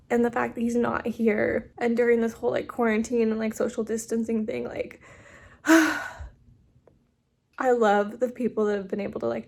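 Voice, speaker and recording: Young woman vlogger, husky and gravelly, talkative venting with many fillers, emotional. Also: a little high, darkish tone. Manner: chatty, venting, filler-heavy. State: emotional, near tears. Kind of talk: casual home vlog chat.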